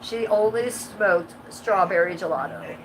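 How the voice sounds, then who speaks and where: Woman, 50s, streamer, rambling and profane, lowish voice, noisy background. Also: unhurried. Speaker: livestreamer. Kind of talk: casual livestream chat. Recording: steady background noise.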